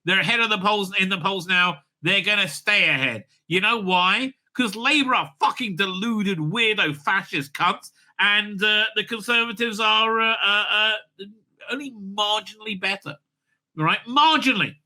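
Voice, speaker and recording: A man's voice: sits high, a little slow, sharp tone. A man hosting his own channel, giving angry, profane reaction commentary over clips, full of sneers and stammered fillers.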